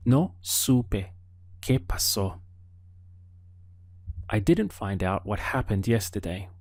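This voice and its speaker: A man teaching an audio language lesson, prompting the listener patiently and pausing for answers. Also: on the low side, lively intonation, darkish tone, dry recording. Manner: slow, patient prompting with pauses for the learner.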